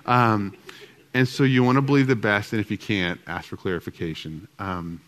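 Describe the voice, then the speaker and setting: A middle-aged man with a fairly low voice gives a marriage talk. He tells his stories in an animated way and plays out both sides of old conversations. It comes across as relaxed, chatty storytelling in front of a live audience. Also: normal speed. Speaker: marriage speaker.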